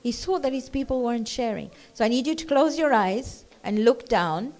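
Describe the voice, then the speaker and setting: A woman teaching a children's class, telling a story gently and then leading the group in a slow, loud rhythmic chant. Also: on the high side. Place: community centre classroom.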